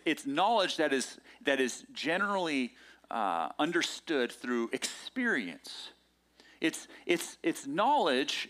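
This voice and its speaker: Lively, animated male preacher. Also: on the high side. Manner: conversational and animated, acting out quoted lines. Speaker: pastor. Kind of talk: sermon.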